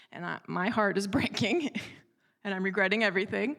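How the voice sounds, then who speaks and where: A woman preaching a sermon in an animated, conversational way, with asides and acted-out dialogue. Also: medium pitch, moderate pace, gravelly. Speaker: church speaker. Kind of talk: storytelling sermon.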